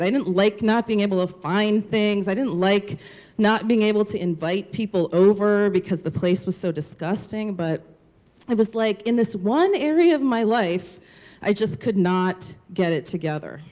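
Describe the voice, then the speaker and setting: A woman's voice: medium pitch, darkish tone. Frank, profane woman telling a story. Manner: candid, profane, lots of "like". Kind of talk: live stage storytelling. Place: live storytelling show on stage.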